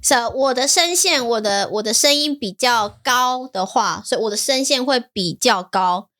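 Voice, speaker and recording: A woman's voice: fairly high pitch, animated, moderate pace, pushed and bright. A woman from Taiwan with a Taiwanese Mandarin accent, co-hosting a casual bilingual podcast, patiently explaining, mixing Mandarin and English and laughing often. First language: Mandarin Chinese. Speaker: podcast co-host and Mandarin teacher.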